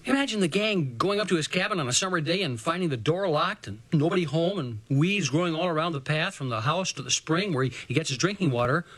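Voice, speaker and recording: A man reading a first-person story aloud as an audiobook narrator, with a folksy, measured delivery. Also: a little high, expressive, a bit bright, dry recording, poor audio.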